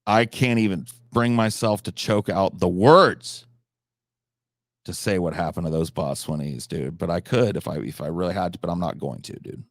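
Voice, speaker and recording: A man's voice: low voice, normal speed, dry recording, studio quality. A man streaming a game live, talking to his chat in a profane, mock-serious, theatrical way. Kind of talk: casual live-stream chat while gaming.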